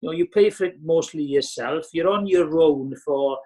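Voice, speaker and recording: A middle-aged Welsh man co-hosts a podcast in a rambling, excitable manner. His voice sits a touch high, and he restarts his sentences often. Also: moderate pace, rough recording. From Wales. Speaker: podcast co-host. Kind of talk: casual podcast chat.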